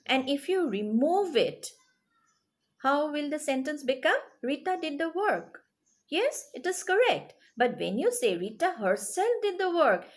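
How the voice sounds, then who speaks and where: Lady teacher doing grammar for kids, kinda high voice, goes way up and down, keeps asking "yes?". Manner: explains patiently, checks in with rising "yes?" and "okay?". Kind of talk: recorded grammar lesson for children.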